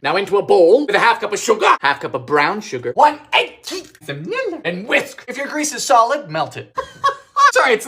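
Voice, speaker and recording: A young man from Bermuda, with a Bermudian accent, narrating a comedic baking video in a theatrical, campy way, switching between sudden high squeals and deadpan asides.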